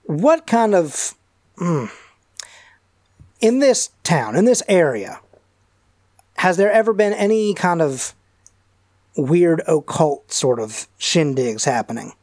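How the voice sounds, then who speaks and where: A man's voice: a little high, very animated, a little mellow, dry recording, studio quality. A man voicing an earnest male doctor who leads an occult investigation, speaking in a put-on accent and often restarting his sentences. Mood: probing. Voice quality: halting, restarts mid-sentence.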